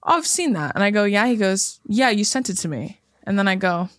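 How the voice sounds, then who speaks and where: A woman guest on a podcast, telling a story with lively, acted-out quotes. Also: medium pitch, brisk, no echo, studio quality. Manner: expressive storyteller, acts out quotes, swears. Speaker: guest co-host. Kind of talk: casual podcast chat.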